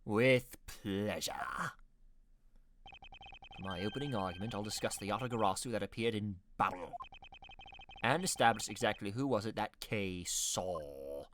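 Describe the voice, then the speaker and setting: A man voicing a composed, formal male prosecutor in a measured, deliberate way. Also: on the low side, expressive, a bit bright, slight background noise, pitched below the performer's own voice. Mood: confident.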